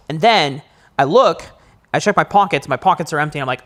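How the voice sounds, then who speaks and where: A young man, a podcast co-host, telling a long story in casual chat, his voice jumping high when he acts out his own panic. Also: fairly quick. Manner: animated storyteller, rises high acting out panic.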